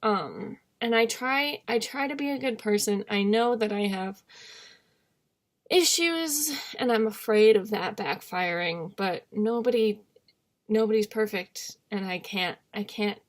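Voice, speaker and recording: A woman's voice: medium pitch, unhurried. A young woman vlogging in a candid, rambling monologue, self-deprecating and often trailing off into murmurs.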